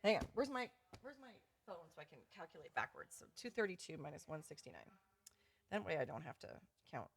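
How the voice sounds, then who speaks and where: A woman's voice: low voice, very animated, brisk, vocal fry, slight background noise. A woman hosting a casual livestream for her students, chatty and effusive, laughing often. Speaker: course host running a live giveaway. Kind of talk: casual livestream talk to viewers.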